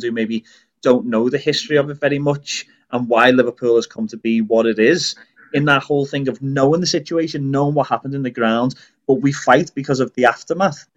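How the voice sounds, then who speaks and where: A man's voice: medium pitch, dull audio. A man from Northern Ireland co-hosting a casual podcast, explaining earnestly in long run-on sentences. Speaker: podcast co-host.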